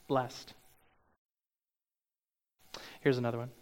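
A man preaching a sermon, acting out hyped quotes and then dropping low and soft for the serious points. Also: lively intonation, moderate pace. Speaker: pastor.

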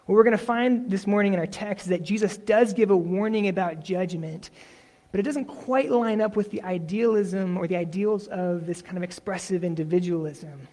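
A man preaching a sermon in a relaxed, conversational way, often acting out imagined replies. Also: high voice, fairly quick. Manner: conversational, self-correcting, uses imagined dialogue. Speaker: pastor.

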